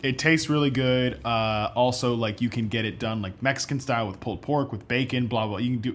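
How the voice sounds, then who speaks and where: A man's voice: medium pitch, fairly quick. A man co-hosting a podcast in casual chat, telling loose, rambling stories full of fillers. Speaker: podcast co-host.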